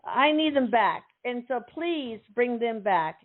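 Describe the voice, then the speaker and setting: A woman's voice: on the high side, animated, takes it slowly. An older woman hosting a radio call-in show, chatting casually and upbeat with callers. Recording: tinny phone-line audio.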